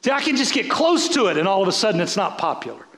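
A man's voice: high voice, sing-song, quick pace, fairly bright tone, echoey room. A man, a bishop, preaching a folksy sermon, repeating words as he builds.

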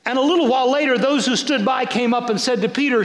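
A man's voice: extremely high pitch, big pitch swings, a little fast, hardly any pauses. Man, preaching a sermon, folksy, repeats words, roomy church echo. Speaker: bishop preaching.

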